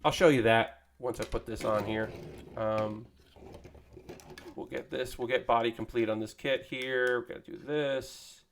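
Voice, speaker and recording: A man's voice: medium pitch, steady tone, a little slow, slight background noise. A man hosting a casual live stream, chatting in a rambling way with many fillers while he assembles a model kit. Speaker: streamer building model kits.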